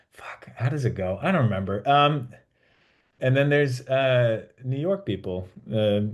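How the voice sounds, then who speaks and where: A man's voice: fairly low pitch, measured pace, darkish tone. A man talking casually as an actor guest in an interview, rambling with many restarts and some swearing.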